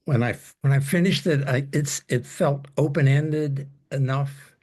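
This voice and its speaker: A man's voice: mid-range voice, measured pace, a little mellow. A man, an author about to read, speaking hesitantly as he thinks aloud.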